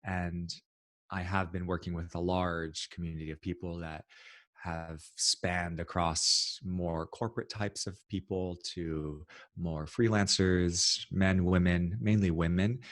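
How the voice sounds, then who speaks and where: A man from New City, a guest in an interview, talking in a reflective, halting way with frequent restarts. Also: deep voice, fairly even intonation, fairly bright tone, no echo, clean studio sound. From New York City. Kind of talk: casual interview talk.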